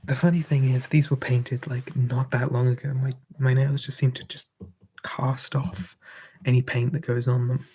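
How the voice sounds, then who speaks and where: A man streaming live ASMR, whispering softly and answering chat in a relaxed way. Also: mid-range voice, normal speed, breathy edge.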